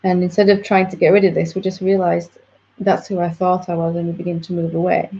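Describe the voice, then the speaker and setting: A woman's voice: fairly low pitch, little pitch movement, fast talker, dark tone. A woman spiritual teacher patiently explaining to a student in a reflective satsang dialogue. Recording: dull lo-fi audio.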